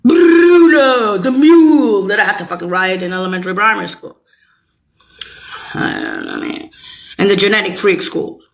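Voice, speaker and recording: A woman's voice: lowish voice, huge pitch swings, normal speed, gravelly, long pauses, pushed and bright. A woman delivering an angry, profane, rambling rant straight to the listener. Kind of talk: unscripted rant to camera.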